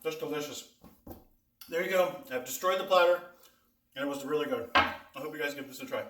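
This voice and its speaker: A man's voice: on the high side, a little fast, sharp tone. Chatty man reviewing snacks in an echoey room. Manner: chatty, talks with mouth full while eating. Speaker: host of a food taste-test vlog. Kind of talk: casual food review vlog. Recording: echoey room, mic at a distance.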